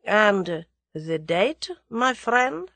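A woman reading aloud, voicing a soft-spoken, sibilant, dangerous conspiracy leader. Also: medium pitch, big pitch swings, extremely slow, gravelly, no room sound, pitched above the performer's own voice, exaggerated voice. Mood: cold.

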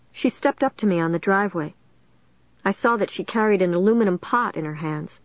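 Low-voiced woman narrating a story. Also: moderate pace, no echo, dull audio. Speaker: audiobook narrator. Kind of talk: first-person story narration.

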